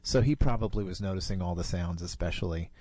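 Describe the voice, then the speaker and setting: A man in his fifties telling a personal story in a relaxed, unhurried way. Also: low voice, slightly rough, no echo. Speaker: storyteller guest.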